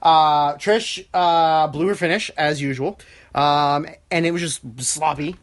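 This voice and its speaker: A man co-hosting a casual wrestling podcast, blunt and deadpan, swearing freely. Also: a little high, measured pace. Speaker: podcast co-host.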